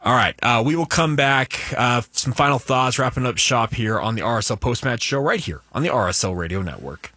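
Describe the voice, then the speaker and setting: Animated male sports radio host. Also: medium pitch, fairly quick, hardly any pauses, no echo. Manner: casual, animated. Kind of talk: post-match radio talk.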